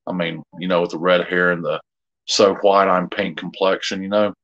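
A man's voice: deep voice, steady tone, moderate pace, fairly bright tone, highs cut off. A middle-aged man, chatting casually with viewers as co-host of a live jewelry sale, rambling and easygoing with many fillers.

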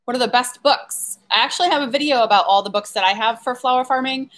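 A woman's voice: a little high, quick pace, a bit bright. A woman flower farmer chatting on a casual live stream, reading viewer comments aloud and laughing often as she rambles.

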